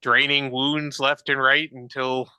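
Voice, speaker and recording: Man, tabletop player, very bright sharp voice, chatty, dry close sound. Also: mid-range voice, flat delivery, unhurried, clear, resonant tone, no echo, poor audio. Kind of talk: casual tabletop game chat.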